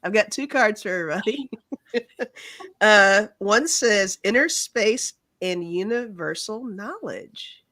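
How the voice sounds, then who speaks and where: A woman's voice: mid-range voice, lively intonation, slow pace, sharp tone, dry recording. A woman hosting a tarot livestream, talking in a laid-back, chatty way as she explains the cards she has drawn. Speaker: tarot reader and livestream host. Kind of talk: casual livestream chat and card reading.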